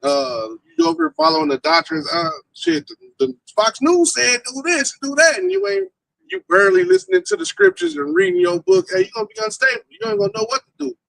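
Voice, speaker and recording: High gravelly man with a swooping voice. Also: a bit bright, dry recording, low-quality recording. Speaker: co-teacher in a group discussion. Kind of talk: casual preaching and scripture reading.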